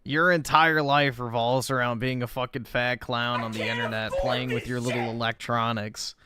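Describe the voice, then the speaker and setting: A man's voice: mid-range voice, steady tone, moderate pace, a loud crowd. A man hosting a reaction stream, mocking and sarcastic, who swears often. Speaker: streamer host.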